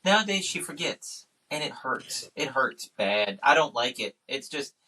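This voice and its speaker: A man's voice: mid-range voice, big pitch swings, measured pace, pushed and bright, far from the mic, low-quality recording. A man hosting a podcast, chatting casually with dry, self-pitying dad humor. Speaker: podcast host. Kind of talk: casual chat.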